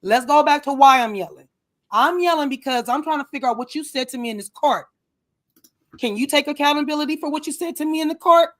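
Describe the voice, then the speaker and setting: A man co-hosting a casual reality-TV recap chat, animated and emphatic, talking in bursts. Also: extremely high pitch, no echo. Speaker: podcast co-host.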